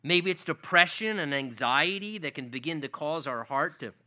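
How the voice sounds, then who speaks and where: Guy preaching a sermon, high voice, super bright and sharp, gets emphatic and repeats stuff. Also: lively intonation, moderate pace. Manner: earnest, emphatic preaching with repetitions and rising peaks. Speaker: pastor.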